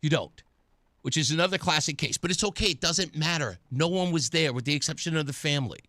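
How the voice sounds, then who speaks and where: A man's voice: fairly high pitch, quick pace, no echo, clean studio sound. A man hosting a talk radio show, delivering an opinionated, mocking monologue and acting out other people's voices. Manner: animated, mocking, acts out voices.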